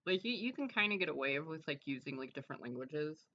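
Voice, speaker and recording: A streamer with a bright, sharp voice rambles through casual chat, piling up fillers and trailing off. The audio is dull and lo-fi. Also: mid-range voice, big pitch swings, fast.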